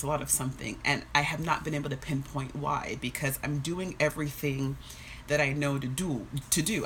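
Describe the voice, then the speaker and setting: A woman with a lowish, soft-spoken voice talks earnestly into her phone on a live stream. She sounds emotional, close to tears, restarting her sentences often. A faint hiss sits under the recording. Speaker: fitness social media host. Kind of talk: casual live-stream talk and reading aloud.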